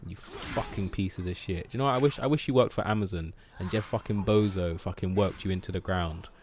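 A man streams a game with a lowish voice. He mutters to himself, curses often and grumbles through casual commentary. A faint hum of room noise sits behind him. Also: brisk, a little mellow. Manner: frustrated, swears a lot, mutters to himself. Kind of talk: casual live gameplay commentary.

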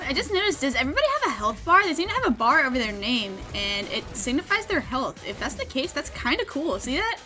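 A young woman giving casual commentary while playing a video game, quick to get excited, squeal and laugh. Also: high voice, faint music behind. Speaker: gaming video host. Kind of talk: live gameplay commentary.

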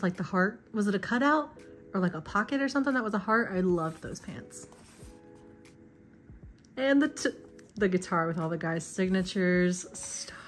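A young woman chatting casually and gushing emotionally as she unboxes fan merchandise. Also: medium pitch. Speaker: vlogger.

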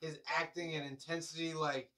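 A man's voice: a little high, flat delivery, moderate pace, crowd noise. A man on a film review panel, chatting in an easygoing, agreeable way. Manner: easygoing, agreeable, often chimes in with short assents. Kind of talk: casual chat reviewing a film.

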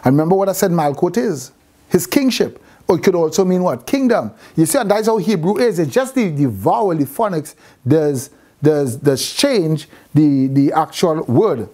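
A man's voice: a little high, expressive, warm tone. A man teaching a class about Hebrew letters and words, often asking the students questions and stopping to correct himself. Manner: asks questions of the class, pauses and restarts. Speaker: Bible teacher.

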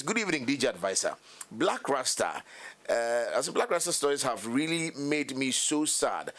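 A man's voice: medium pitch, sing-song, moderate pace, fairly bright tone, no echo. A Ghanaian man hosting a radio talk show, reading listener messages and phone numbers aloud between short acknowledgements. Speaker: radio host. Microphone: studio mic.

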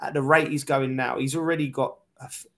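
A man in his forties, a football pundit guest, talking excitedly with lots of stumbling restarts. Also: mid-range voice, a little fast. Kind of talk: casual chat on a video call.

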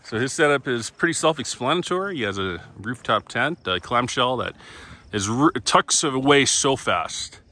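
A man's voice: medium pitch, animated, bright, forceful tone. A young man touring an outdoor campsite, chatting easily with other overlanders and laughing often. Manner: easygoing, quick to laugh. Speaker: vlogger touring campsite rigs. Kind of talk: casual walkaround chat. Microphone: phone camera.

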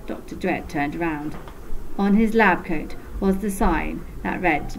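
A woman slowly reading a children's story aloud, with playful sound effects. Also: on the low side, creaky, slight background noise, poor audio.

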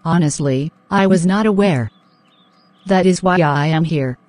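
A woman voicing a flustered young fiancée in an animated drama, sharp-tongued and anxious. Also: lowish voice, a little slow, no room sound, lightly acted. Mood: fretful. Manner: exasperated, sharp-tongued, fretful.

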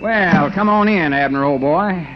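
An actor playing a boastful older storekeeper with a folksy drawl, in 1940s radio comedy style. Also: male voice, fairly high pitch, a little slow, lightly acted. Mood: blustering. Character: older rural male storekeeper, boastful fast talker. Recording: dull noisy old radio recording.

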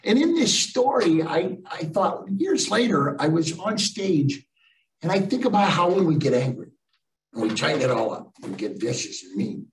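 An older man spins comic stories in a lively, jokey way, landing one-liner after one-liner. His voice is fairly high for a man. He sits well back from the mic in an echoey room. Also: normal speed, recorded from a distance. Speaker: keynote speaker. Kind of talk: comic storytelling talk.

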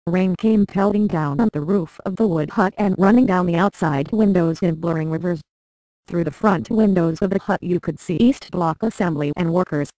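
Synthetic woman narrator, low-pitched, dry close sound, flat reading, odd stresses. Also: dry recording, low-quality recording. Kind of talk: text-to-speech narration of a memoir.

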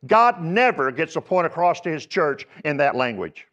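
A man's voice: on the high side, big pitch swings, moderate pace, fairly bright tone, dull audio. A man preaching a sermon as pastor, telling folksy stories and building to emphatic exhortations. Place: church sanctuary.

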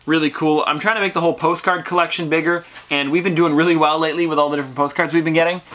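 A young vlogger talks casually at home in a bright, forward voice. The pitch sits right in the middle, and the delivery stays chatty and upbeat, with running asides to viewers between lines. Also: fairly even intonation, rapid-fire. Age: teenager. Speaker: YouTube collector channel host. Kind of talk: casual mail-opening vlog.

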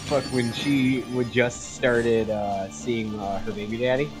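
A man's voice: mid-range voice, steady tone, measured pace. Casual man telling a story over game music. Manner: laid-back storyteller, frequent swearing. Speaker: gaming group member. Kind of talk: casual gaming chat.

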